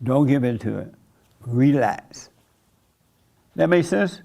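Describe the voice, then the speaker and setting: A man's voice: mid-range voice, lively intonation, slow pace, vocal fry, dark tone. A man preaching a sermon in a conversational way, chuckling often and acting out the voices of people he quotes. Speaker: pastor.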